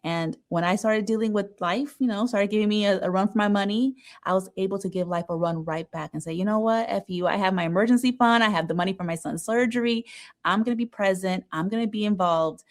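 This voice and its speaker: A woman's voice: mid-range voice, quick pace. A woman being interviewed as an author on a podcast, speaking in an earnest, emphatic way. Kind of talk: casual interview.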